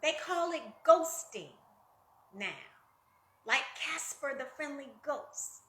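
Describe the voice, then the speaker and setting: A woman's voice: high voice, animated, takes it slowly, a bit bright, echoey room, slight background noise. A woman life coach giving a conversational motivational talk, addressing listeners directly and acting out quoted voices with big jumps.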